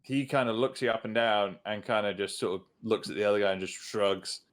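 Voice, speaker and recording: A man's voice: on the low side, a little fast. A man running a tabletop game as game master, describing scenes hesitantly with many ums and uhs.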